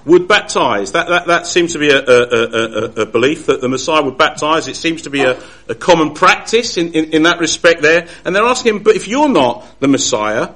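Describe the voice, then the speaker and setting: A man teaches through a passage of scripture in an earnest, unpolished way, often stumbling and restarting mid-sentence. His voice sits a little higher than most men's. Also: sharp tone. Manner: earnest, halting with frequent restarts. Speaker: Bible teacher. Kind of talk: Bible study talk.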